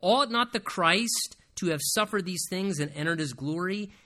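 Bright-voiced man preaching a sermon. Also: high-pitched, expressive, moderate pace. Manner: earnest preaching, reads scripture aloud with emphasis. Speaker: pastor.

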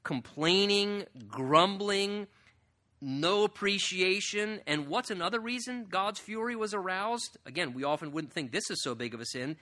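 A man's voice: high-pitched, unhurried. A man preaching an expository sermon in a conversational way, often asking the audience questions and rising sharply for emphasis. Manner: animated, rises sharply for emphasis. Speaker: pastor.

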